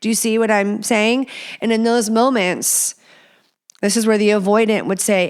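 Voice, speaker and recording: Woman, podcast host, casual advice, blunt and sweary, clean smooth voice, mid pitch. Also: steady tone, normal speed. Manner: frank and profane, chatty.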